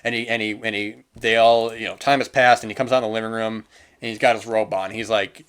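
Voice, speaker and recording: A man's voice: on the low side, flat delivery, quick pace, a bit bright, smooth. A man hosting a film podcast, talking through movies in a loose, earnest monologue full of restarts and fillers. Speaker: podcast host. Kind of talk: casual film review monologue.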